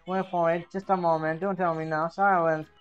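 A gamer voicing an old, forgetful male goomba professor, reading game dialogue in a slow, halting way. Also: mid-range voice, level tone, clear, resonant tone, dull audio, faint music behind, natural voice. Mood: musing. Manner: slow, drawn-out, halting recollection.

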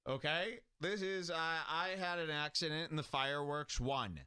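Male comedy host: sarcastic, jokey, bright tone, dry close sound. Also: fairly high pitch, normal speed, smooth, dry recording. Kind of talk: mocking commentary over a clip.

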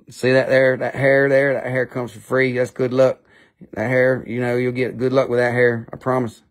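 A man with an Appalachian accent sells rocks on a live stream, chatting casually, rambling, and joking, sometimes in playful funny voices. He speaks at a measured pace with frequent pauses, his mid-range voice holding a level tone.

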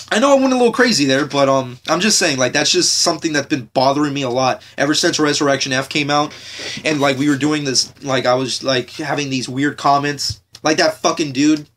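A man's voice: on the high side, moderate pace, a bit bright. A young man from the United States hosting a podcast, ranting casually with lots of swearing, fillers and restarts. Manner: profane, repetitive, frequent fillers and restarts. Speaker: podcast host.

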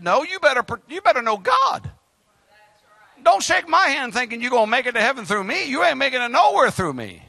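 A man preaching a sermon as pastor, fiery, with sudden shouts and hushed drops. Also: very high voice, very animated, brisk, gravelly, dry recording.

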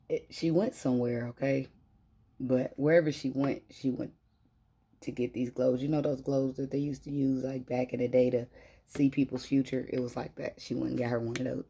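A woman's voice: a bass voice, flat delivery, moderate pace, pauses often, mellow, slightly rough. A woman giving a casual spiritual tarot reading, chatty and laughing often as she talks to her viewers. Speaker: tarot reader.

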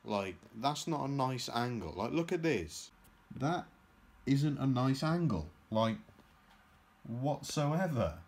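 A young man chats casually in a home vlog, indoors and outdoors, rambling, poking fun at himself, and using lots of fillers. His medium-pitched voice has a sing-song lilt, a slow pace and a somewhat dark tone. He's recorded on a handheld camera held at arm's length.

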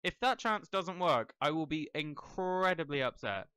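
A man's voice: fairly high pitch, lively intonation, moderate pace, sharp tone, clear, resonant tone, no echo, studio quality. A young man giving casual gameplay commentary, rambling and talking to the characters on screen. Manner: rambling, talks to the game characters. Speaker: let's play gamer.

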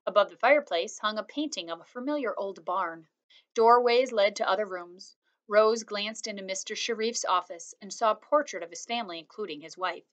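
A woman reading a children's novel aloud chapter by chapter, in a calm, steady storytelling manner. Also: mid-range voice, fairly quick. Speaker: reader.

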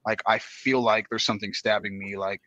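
A man in his thirties, a dance guest, talking in a relaxed, slangy way with many fillers. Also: lowish voice, brisk, dry recording, lo-fi sound. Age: 30s. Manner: laid-back, slangy, lots of fillers. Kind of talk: casual podcast chat.

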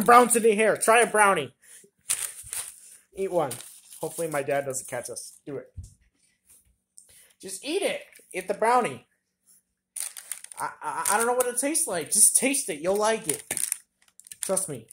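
A woman's voice: on the low side, slight background noise. Giddy woman voicing toy characters. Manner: giddy, shrieking bursts of excitement. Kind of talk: toy play-acting with several characters.

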